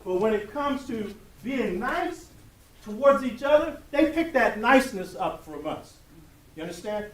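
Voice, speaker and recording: An older man lectures a college class in a preacherly call-and-response style, often asking whether his listeners follow. His voice sits high for a man. He is recorded from a distance in an echoey room with faint noise behind him. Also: expressive, measured pace, a bit bright. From United States. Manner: preacherly, asks the room for affirmation. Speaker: lecturer speaking to college students.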